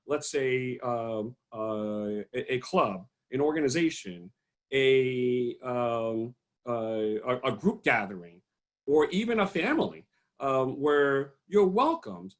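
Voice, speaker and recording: A middle-aged man giving a halting talk with many fillers and restarts, speaking on a video call. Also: medium pitch. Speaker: panel speaker. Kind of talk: online panel talk.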